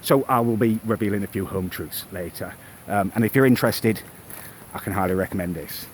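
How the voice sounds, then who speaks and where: A man's voice: lowish voice, fairly quick, a little hiss or hum. A man, recording a comedic vlog rant on a phone, telling a story in a smug, sneering way. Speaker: vlogger.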